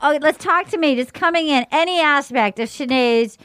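A woman hosting a casual chat, recapping with animated delivery and acting out quotes. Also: high voice, normal speed. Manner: animated, acts out quotes in voices. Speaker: podcast host.

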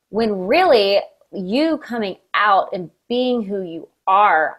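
A woman hosting an interview, talking in an earnest, encouraging, reflective way. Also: mid-range voice. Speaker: interview host. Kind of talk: casual interview chat.

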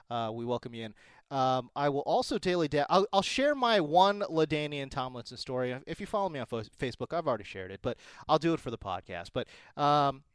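A man's voice: mid-range voice, smooth, no room sound, studio quality. A man co-hosting a sports podcast, telling stories in casual chat with lots of exclamations. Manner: animated storyteller, exclamatory. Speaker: podcast co-host.

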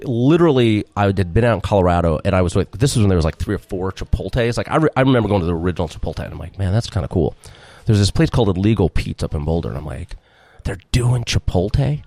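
This middle-aged restaurant owner has a deep, dark voice, recorded dry. As a guest in a relaxed interview, he rambles through a long story, acting out what people said and laughing often.

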